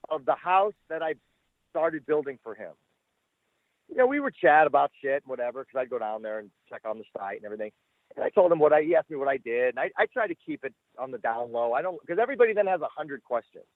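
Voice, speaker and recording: A man's voice: on the high side, lively intonation, fairly quick, dry recording. Man telling stories over a tinny phone line. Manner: rambling, profane, acts out quoted people. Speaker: interview guest, former talent manager. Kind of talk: casual storytelling interview.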